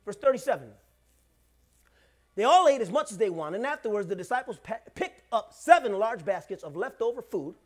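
A middle-aged pastor preaches conversationally, moving between loud bursts and hushed asides. His voice is high, his intonation lively, and his pace fairly quick.

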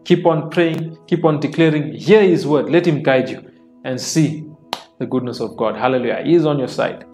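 A man's voice: medium pitch, normal speed. A man preaching a sermon, reading scripture aloud and explaining it plainly, repeating phrases for emphasis. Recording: soft worship music underneath.

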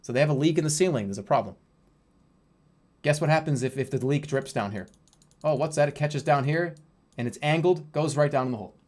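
A man's voice: on the high side, a little fast, long pauses, darkish tone. A man in his thirties, a livestreamer rambling through a casual chat and swearing freely. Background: faint music.

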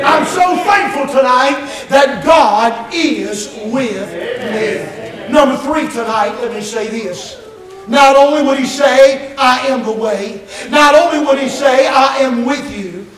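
A man delivers a fiery sermon in a very high, strained voice, shouting his points and asking the congregation rhetorical questions. He is picked up from a distance in an echoey church sanctuary. A congregation murmurs clearly behind him. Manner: impassioned, shouting revival-style preaching. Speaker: pastor.

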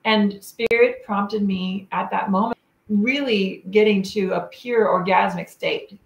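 A woman telling a personal story in a casual, earnest way, quoting her own thoughts. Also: medium pitch. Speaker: co-host telling a shared story. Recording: echoey room.

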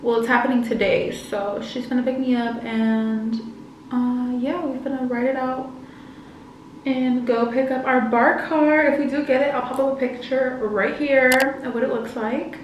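A woman's voice: high-pitched, steady tone, moderate pace, heavy reverb, recorded from a distance, highs cut off, a little hiss or hum. A young woman of about twenty vlogging casually, slangy and chatty, with a slight lisp from wearing retainers. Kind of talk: casual vlog chat to camera.

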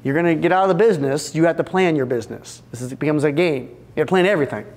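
A man with a notably high-pitched voice gives an energetic business seminar to a live audience. He jokes with the room, talks to people directly and slips into small acted-out exchanges. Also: very fast. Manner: energetic, joking, addresses the audience directly and acts out little scenes. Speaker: seminar speaker for fence company owners.

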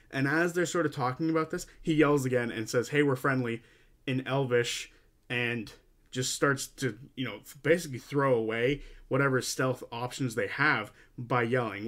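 Man arguing a fan theory. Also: medium pitch. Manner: argumentative, repeats points for emphasis. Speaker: fan commentator. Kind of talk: casual fan theory commentary.

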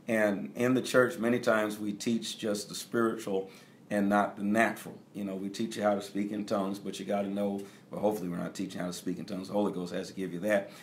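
A man's voice: lowish voice, a little hiss or hum. Emphatic middle-aged male preacher. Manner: emphatic, repeats key phrases; speaks directly to the congregation. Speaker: bishop. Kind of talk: teaching sermon.

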